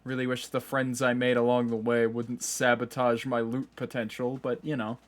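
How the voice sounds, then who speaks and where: A man streams a game live, chatting casually and poking fun at himself while laughing often, with keyboard typing audible behind him. His mid-range voice keeps a level tone at normal speed.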